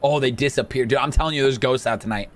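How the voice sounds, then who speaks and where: A man hosting a casual let's-play video, excitable and jokey, chatting to the game's characters as he plays. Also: medium pitch, fast talker, slight background noise. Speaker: gaming video host.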